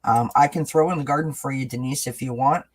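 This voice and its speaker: A man hosting a live oracle card reading and answering viewers in chat. He talks in a gentle, reassuring way, often checking in with "right?" and "you know.". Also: medium pitch, fairly quick. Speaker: oracle card reader and host.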